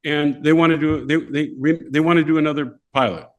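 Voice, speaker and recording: Older man, podcast guest, lively storyteller, slightly high voice, acts out voices. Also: a little fast. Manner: animated, acts out voices of people in his stories. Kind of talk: casual storytelling.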